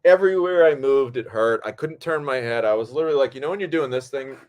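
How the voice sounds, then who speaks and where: A man hosting a podcast, telling a story in casual chat, animated and profane, acting out what people said. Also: mid-range voice, fast talker. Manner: animated, acts out quotes, swears freely. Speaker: podcast host.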